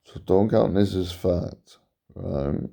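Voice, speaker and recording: A man's voice: slow pace, gravelly, mellow. A tired man rambling in a meandering, repetitive monologue to camera, yawning now and then. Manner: meandering, repeats himself, sudden pitch jumps. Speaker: vlogger.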